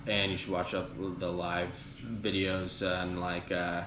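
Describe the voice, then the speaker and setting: A man's voice: low voice, completely flat delivery, a little slow. A man hosting a casual podcast, retelling band history in a rambling way with lots of fillers. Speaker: podcast host. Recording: echoey room with background noise.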